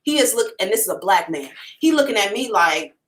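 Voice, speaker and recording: A woman hosting a psychic livestream, telling a story to her viewers in a frank, animated way, swearing casually and addressing them directly. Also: medium pitch, fairly quick, distant mic, rough recording. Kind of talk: storytelling to a live audience.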